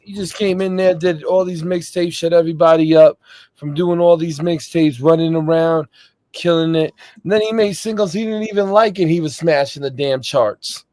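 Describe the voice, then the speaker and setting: High-voiced guy hosting a laid-back chat, tells stories big and loud, dry close sound. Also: moderate pace, no echo. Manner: animated storyteller, loud laughs, acts out voices. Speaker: podcast host. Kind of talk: casual chat.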